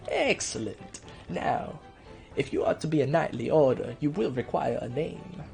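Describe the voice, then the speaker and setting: A man voicing a pompous, scheming middle-aged duke in a game let's play, with a nasal, weaselly twang and formal, drawn-out courtly speech. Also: mid-range voice, animated, creaky, darkish tone, faint music behind. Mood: commanding.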